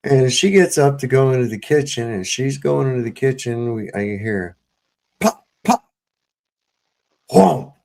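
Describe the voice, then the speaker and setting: Host, male, gravelly voice, profane rambling storyteller on a home live stream. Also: mid-range voice, moderate pace, hardly any pauses, darkish tone. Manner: profane, rambling, with many fillers and restarts. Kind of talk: casual storytelling to a live panel.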